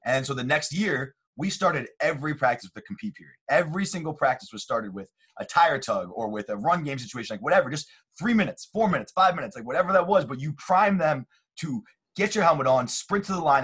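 A male football coach talks shop in a loose, casual conversation. He speaks quickly in a husky voice, and he is blunt and emphatic, swearing freely as he makes his points. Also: on the high side, animated, fairly bright tone.

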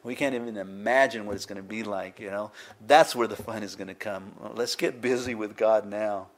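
A man's voice: lowish voice, steady tone, moderate pace. An older man, a pastor, preaching a conversational sermon with frequent asides and chuckles.

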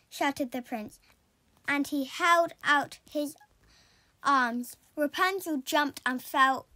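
Storyteller: woman, high voice, slow and expressive picture-book reading. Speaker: storybook reader.

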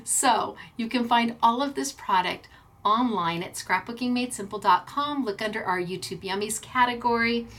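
A middle-aged woman hosting a craft class from her store, gushing and emotional over handmade gifts, laughing often and talking slowly and fondly. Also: on the high side, a bit bright. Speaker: craft store owner and host. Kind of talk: unboxing and showing crafts on a class video.

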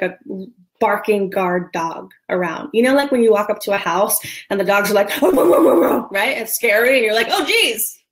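A woman in her thirties speaks as a love coach, earnest and encouraging. She talks straight to her listener and stretches out the words she wants to land. Her pitch sits in the middle range for a woman. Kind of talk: motivational talk to camera.

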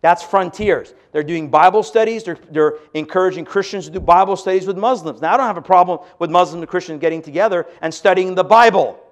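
A man's voice: sits high, fast talker, hardly any pauses. A man giving an emphatic sermon-style lecture to an audience, asking rhetorical questions. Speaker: speaker on religion.

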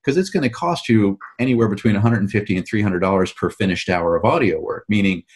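A man's voice: on the low side, fast talker. A man, an author and show host, talking casually in an interview and explaining at length with frequent restarts.

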